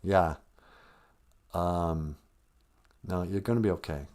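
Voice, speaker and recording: A man's voice: sits low, takes it slowly, darkish tone. A man hosting a comedy podcast, ranting in a sarcastic, mocking way. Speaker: podcast host. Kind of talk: satirical comedy rant.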